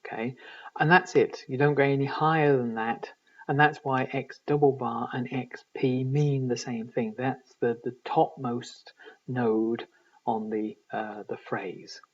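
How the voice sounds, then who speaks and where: A man giving a recorded university lecture in linguistics, measured and explanatory, often pausing to find his words. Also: medium pitch, steady tone. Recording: distant, dull lo-fi recording.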